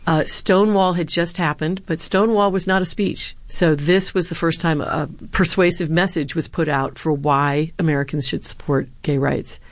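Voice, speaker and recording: Woman w a low voice, former speechwriter, tells stories earnestly, dry close sound. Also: fairly even intonation, moderate pace, hardly any pauses, no room sound. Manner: earnest, anecdotal, with some fillers. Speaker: former presidential speechwriter and university lecturer. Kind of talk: interview answers, storytelling.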